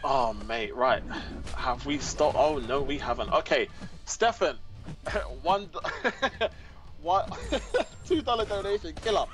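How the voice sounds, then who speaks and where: Male livestream co-commentator, giggly, reads chat messages, fairly high voice, faint music bed. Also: slow, pauses often. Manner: giggly, reads messages aloud between laughs. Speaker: guest co-commentator reading donations.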